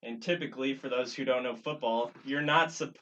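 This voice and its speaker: A man's voice: mid-range voice, fairly quick, fairly bright tone. A young man guest on a podcast, laid-back and dry, mostly giving short replies. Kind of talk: casual chat. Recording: distant muffled mic with faint noise.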